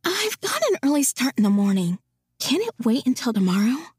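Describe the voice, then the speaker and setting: A brash woman in her late twenties with a quick, sarcastic tongue, read by a female narrator. Her voice is pitched up a little above the narration, close and dry on the mic. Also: sing-song, darkish tone, slightly rough, no room sound, heavily acted. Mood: cheeky. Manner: sarcastic, cheeky banter. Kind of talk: audiobook character voice.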